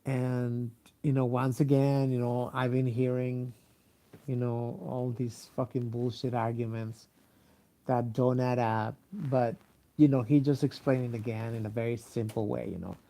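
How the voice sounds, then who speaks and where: A sleepy man with a dark, gravelly voice rambles slowly through a casual monologue. He stops often for fillers and restarts and swears freely. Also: medium pitch, level tone. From Mexico. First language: Spanish. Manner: halting, many fillers and restarts, profane.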